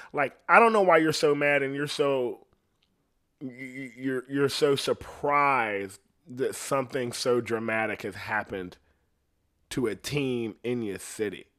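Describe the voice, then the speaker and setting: Rambling, profane man with a lively voice. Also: medium pitch. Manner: rambling, profane, laughs at his own jokes. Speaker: podcast host. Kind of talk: casual solo podcast rant.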